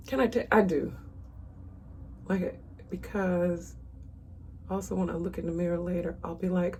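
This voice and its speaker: A chatty woman in her thirties talks straight to the camera as she does her makeup, calling viewers "y'all" in a loose, easygoing way. Her voice sits on the low side, and faint room noise hums behind her. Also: fairly even intonation, a little slow, long pauses, darkish tone. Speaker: makeup vlogger. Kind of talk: casual makeup tutorial chat.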